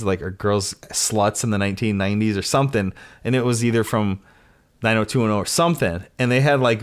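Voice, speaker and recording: Rambling low-voiced man telling stories. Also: clear, resonant tone. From United States. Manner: rambling storyteller, swears freely, lively emphasis. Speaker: podcast host. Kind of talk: casual podcast chat.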